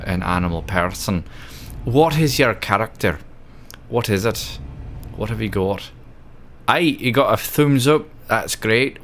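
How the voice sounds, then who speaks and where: A man's voice: on the low side, fairly bright tone, a little hiss or hum. A drunk Australian man livestreaming a game, chatting in a rambling, sweary, giggly way. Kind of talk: casual chat while gaming.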